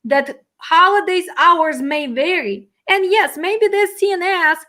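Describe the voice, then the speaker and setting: Animated emphatic high-voiced woman host. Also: a little slow. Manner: emphatic, animated, repeats "you know what". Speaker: host and dispatch trainer. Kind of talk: casual interview.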